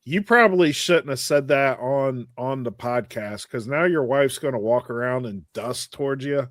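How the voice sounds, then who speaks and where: A man co-hosting a podcast, teasing his friends in relaxed chat. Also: mid-range voice, moderate pace, no echo. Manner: laid-back, teasing. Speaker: podcast co-host. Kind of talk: casual chat.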